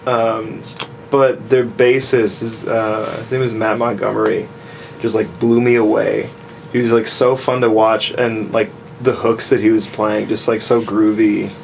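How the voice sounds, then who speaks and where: A man chatting casually on a podcast about playing bass, rambling with lots of fillers. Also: flat delivery, a little slow, creaky, a little hiss or hum. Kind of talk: casual chat.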